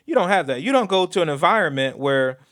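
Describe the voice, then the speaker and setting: Animated man telling stories on a podcast. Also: on the high side, quick pace. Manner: animated storyteller, slips into patois phrasing. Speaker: podcast co-host, designer. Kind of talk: casual podcast chat.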